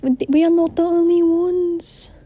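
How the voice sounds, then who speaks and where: A teenage girl voicing crude, excitable young schoolboys in a book recap, with exaggerated, mocking delivery. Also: on the high side, slow pace, pitched above the performer's own voice. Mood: excited, mocking.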